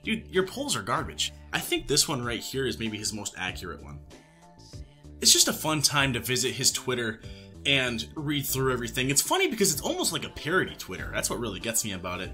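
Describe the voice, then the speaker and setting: A man's voice: medium pitch, huge pitch swings, brisk, sharp tone, soft background music. A man giving mocking, sarcastic commentary as he reacts to posts. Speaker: YouTube commentator.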